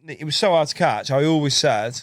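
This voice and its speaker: A man's voice: a little high, brisk, no room sound, studio quality. A man chatting as a podcast guest, a rambling storyteller who acts out what people said and laughs often. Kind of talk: casual chat.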